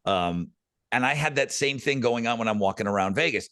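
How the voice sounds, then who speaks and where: A man's voice: medium pitch, animated, fairly quick, fairly bright tone, no echo, clean studio sound. A man in his fifties, co-hosting a podcast in casual chat, telling stories with lots of swearing and stammered restarts. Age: 50s. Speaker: podcast co-host.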